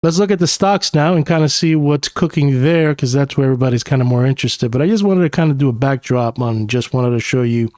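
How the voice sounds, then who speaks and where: A man's voice: medium pitch, fast talker, few pauses, darkish tone, dry recording, studio quality. A young man with a New York accent talks casually through market charts as a technical analyst, thinking aloud with plenty of uhs and you-knows. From New York City. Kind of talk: screen-share chart analysis.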